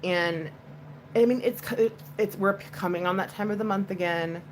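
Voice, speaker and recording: A woman's voice: medium pitch, moderate pace, slight background noise, low-quality recording. A woman hosting a casual livestream chat, talking to viewers in a chatty, comforting way with lots of "like" fillers.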